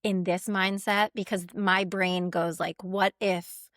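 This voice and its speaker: A playful woman in her thirties co-hosts a casual podcast and laughs easily. Her pitch sits in the middle. The sound is dry and close. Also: level tone, measured pace, fairly bright tone, no room sound. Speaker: podcast co-host. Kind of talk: casual chat.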